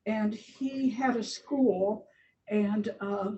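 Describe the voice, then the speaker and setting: A woman's voice: extremely slow, lo-fi sound. Older woman chatting in an echoey church hall. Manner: chatty and warm, laughs often. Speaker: church guest speaker showing slides. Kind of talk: informal slideshow talk. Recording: echoey hall, distant mic, faint rumble.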